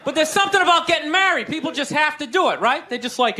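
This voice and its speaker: A man with a Boston accent doing a stand-up comedy set, ranting sarcastically and shouting his punchlines. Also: extremely high pitch, animated, fast talker, hardly any pauses, noisy background. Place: comedy club stage before a live audience. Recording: live show with loud crowd laughter.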